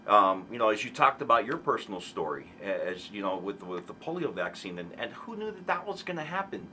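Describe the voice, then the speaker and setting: A man in his forties speaks earnestly as a talk show guest, his voice low-pitched but sharp and forceful in tone. He stumbles through restarts and then lifts into animated emphasis. A faint background hiss sits under the recording. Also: brisk. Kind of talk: earnest conversational storytelling.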